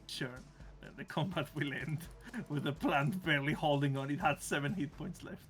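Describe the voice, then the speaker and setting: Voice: mid-range voice, moderate pace, soft background music. A game master narrating a tabletop game, chatty and often laughing.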